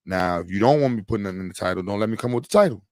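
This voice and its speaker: A man's voice: fairly low pitch, lively intonation, racing, darkish tone, no echo, clean studio sound. A man hosting a casual livestream, chatting with viewers in a rambling, slangy, joking way. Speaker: livestream host. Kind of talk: casual live chat with viewers.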